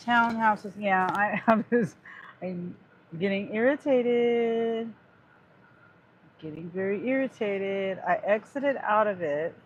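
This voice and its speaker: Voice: medium pitch, slow, pauses often, a little hiss or hum. A gig delivery driver vlogging to viewers, sighing and muttering in exasperation at a glitching phone. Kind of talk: casual vlog talking to viewers.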